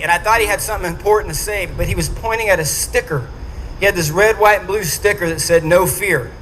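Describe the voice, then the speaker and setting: A man's voice: high voice, a little hiss or hum, rough recording. A man giving a storytelling speech to a dinner audience, acting out the quotes as he goes. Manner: animated storyteller who acts out quotes. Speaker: speaker at a charity dinner.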